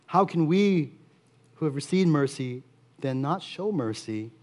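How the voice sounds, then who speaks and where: A man preaching a sermon as pastor, earnest and steady, repeating key phrases for emphasis. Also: a little high, unhurried.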